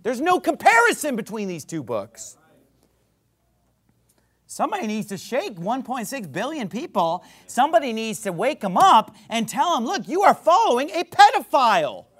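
Fiery high-voiced preacher man. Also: sing-song, moderate pace. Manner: impassioned, rising to shouts; says he is worked up. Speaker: pastor. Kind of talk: fiery sermon.

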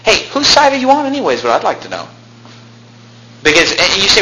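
A man delivers a combative Baptist sermon, his bright, tense voice a little higher than most. He swings from low asides to loud, shouted peaks. The sound bounces around an echoey church room, with a faint hiss under it. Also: huge pitch swings, fairly quick, long pauses. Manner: combative preaching with big swings in pitch and loudness, rising to shouts. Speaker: pastor.

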